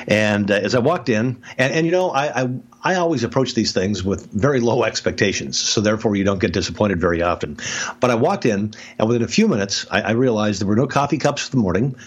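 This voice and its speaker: A man telling a story in a casual podcast conversation, animated, with many restarts and sudden jumps in pitch. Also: a little fast, husky. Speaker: podcast guest expert, speaker and author.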